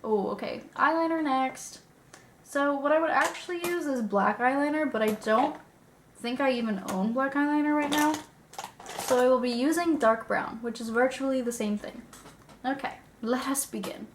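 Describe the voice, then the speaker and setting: A woman's voice: sits high, moderate pace, roomy sound, a little hiss or hum. A young woman chatting casually while doing her makeup, sniffly from a recent illness, self-deprecating, swearing and muttering to herself. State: sniffly, getting over an illness. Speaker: beauty vlogger.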